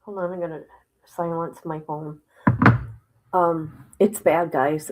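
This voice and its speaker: A woman hosting a casual livestream, reading a report aloud haltingly and breaking off with exclamations and asides to her viewers. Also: low-pitched, fairly even intonation, a little mellow, poor audio. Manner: drops into whispers at times. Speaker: livestream host.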